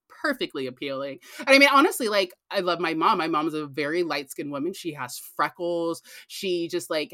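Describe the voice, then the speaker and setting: Low-voiced woman cohosting a podcast, earnest, leans on repeated lines for emphasis. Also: pushed and bright, no room sound, clean studio sound. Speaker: podcast co-host. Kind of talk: casual podcast discussion.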